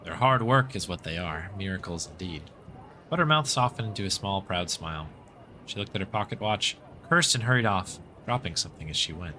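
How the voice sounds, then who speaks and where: A man's voice: low voice, animated, brisk, pushed and bright, slight background noise. An American man streaming a story game, reading its narration aloud with casual, chatty asides and thanking viewers.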